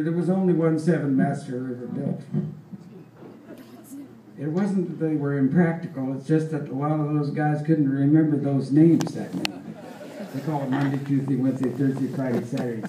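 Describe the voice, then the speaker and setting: A man's voice: mid-range voice, creaky, background noise. A man in his eighties telling a rambling folksy story on stage, chuckling as he goes. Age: 80s. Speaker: folk performer and storyteller. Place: live performance venue. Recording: roomy live hall, distant mic, faint ambience.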